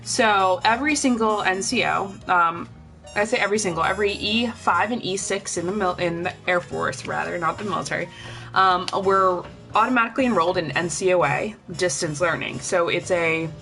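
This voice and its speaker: A woman's voice: lowish voice, normal speed, a bit bright, faint music behind. A young woman livestreaming from home, chatting casually and rambling to her viewers, breathing heavily through a stuffy nose. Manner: chatty, rambling, addresses chat directly.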